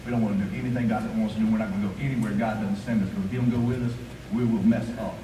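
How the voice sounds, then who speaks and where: A male pastor preaching a sermon, rhythmic and repetitive, swinging between quiet asides and raised, emphatic lines. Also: on the low side, steady tone, rapid-fire, noisy background. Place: church sanctuary. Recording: echoey hall, voice from a distance, faint ambience.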